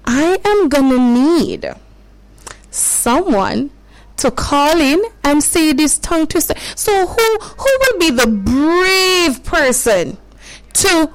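Slow high-voiced woman radio host. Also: lively intonation, low-quality recording. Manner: preachy, coaxing and repetitive. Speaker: children's radio show host. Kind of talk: radio talk to children.

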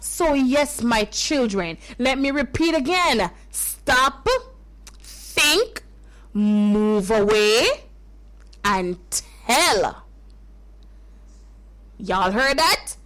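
A woman's voice: fairly high pitch, lively intonation, very slow, long pauses, a bit bright. A woman with a Jamaican accent hosting a children's radio show, speaking to the kids in a caring, repetitive way and calling them fondly. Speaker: radio host.

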